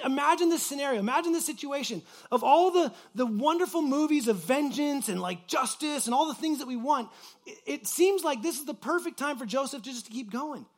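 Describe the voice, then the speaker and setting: A man preaching a conversational sermon, casual and animated, acting out the voices in the story and leaning on fillers. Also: extremely high pitch. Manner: uses many fillers like "like". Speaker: pastor.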